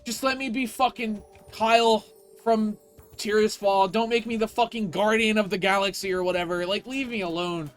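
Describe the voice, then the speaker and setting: A man's voice: sits high, fairly even intonation, normal speed, faint music behind. A man streaming a video game, ranting in casual, profane commentary.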